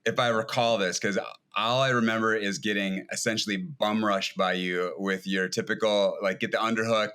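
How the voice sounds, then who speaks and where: A man chatting as a guest on a podcast, relaxed and a little hesitant as he recalls events. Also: lowish voice, moderate pace, smooth. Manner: relaxed, hesitant, swears casually. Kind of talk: casual chat.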